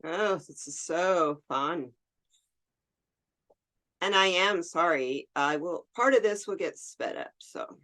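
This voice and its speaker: Woman doing a resin pour demo, slow easygoing talk, chatty, mutters to herself as she goes. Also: lowish voice, fairly bright tone. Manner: chatty, talks to herself while working, laughs easily. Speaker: resin art tutorial host. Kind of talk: casual hands-on demonstration.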